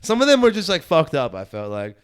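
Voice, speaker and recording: New man, podcast co-host, fairly high voice, foul-mouthed and animated. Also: a little fast, clean tone. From New York. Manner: profane, animated storytelling; puts on mocking voices in quotes. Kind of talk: casual chat.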